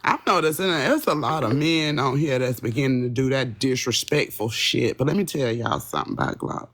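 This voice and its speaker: Husky, rambling woman chatting on a live stream. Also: very deep voice, sing-song, brisk, fairly bright tone. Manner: profane, rambling, talks straight to her chat. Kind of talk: casual live-stream chat with viewers.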